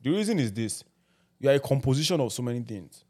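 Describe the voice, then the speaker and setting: A man's voice: medium pitch, big pitch swings, fast talker, darkish tone. A man from Nigeria with a Nigerian accent, talking in a casual group chat and repeating himself for emphasis. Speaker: podcast co-host.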